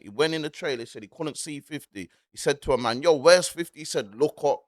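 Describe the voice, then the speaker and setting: A man's voice: on the high side, fairly bright tone, dry recording. Emphatic man with a dry close sound. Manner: emphatic, repeats points, asks "you get me?". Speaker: commentary host. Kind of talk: casual commentary.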